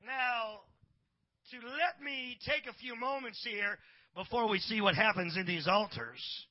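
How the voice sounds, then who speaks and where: High-voiced man preaching a sermon. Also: unhurried, muffled recording. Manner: rhythmic preaching cadence with filler breaks between phrases. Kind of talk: live church sermon. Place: church service.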